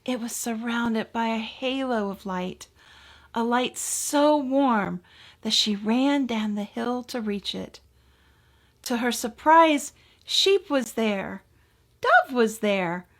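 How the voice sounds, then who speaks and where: A woman minister reading a children's story aloud to her congregation with expressive, gentle delivery. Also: on the high side, slow pace.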